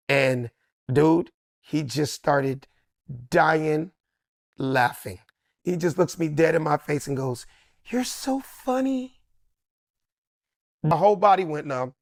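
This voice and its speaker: Animated man telling a story, dry sound. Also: on the high side, takes it slowly, creaky, pauses often, dry recording. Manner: acts out each person in the story with changed voices.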